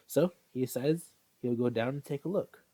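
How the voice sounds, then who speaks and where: A man's voice: medium pitch, normal speed, warm tone, no room sound. A man casually reading a fan story aloud, often stumbling, correcting himself and apologizing. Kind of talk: casual read-aloud with asides.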